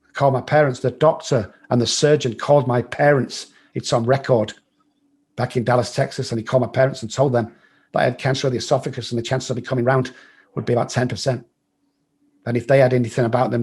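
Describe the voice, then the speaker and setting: In a mid-range, darkish, husky voice, a middle-aged man from England with an English accent tells his life story in an interview. He is blunt and swears freely, and he acts out other people's lines.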